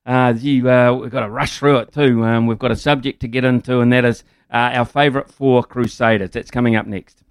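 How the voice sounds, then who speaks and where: New man, radio host, smooth tone, dry studio sound, hesitant, blunt. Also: mid-range voice, steady tone, a little fast, dry recording. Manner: hesitant and rambling, many fillers, blunt exclamations. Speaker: radio sports show host. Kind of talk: casual radio sports chat. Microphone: studio microphone.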